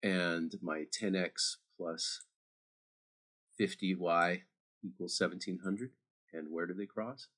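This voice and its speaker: A man's voice: low voice, steady tone, slow, long pauses, fairly bright tone. A man teaching math over a screen recording, chatty and talking straight to his students with little asides.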